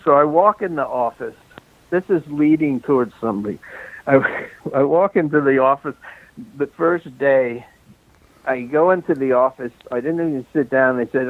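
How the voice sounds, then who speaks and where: A man's voice: medium pitch, moderate pace, dry recording. Older man telling rambling stories over a phone line. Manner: rambling anecdotes with chuckles and restarts. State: out of breath from walking around. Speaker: film director guest. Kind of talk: casual storytelling interview. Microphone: phone call. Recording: tinny dry phone line.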